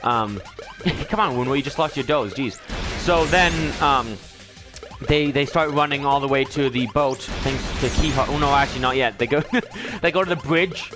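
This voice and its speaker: A young man hosting a game video, recapping a story in a casual, rambling and animated way with lots of filler words. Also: medium pitch, moderate pace, music in the background. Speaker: let's play host.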